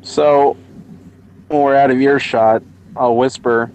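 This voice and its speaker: A man playing a tabletop game, brisk, speaking partly in character. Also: medium pitch, fairly even intonation, darkish tone, smooth, low-quality recording. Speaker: player.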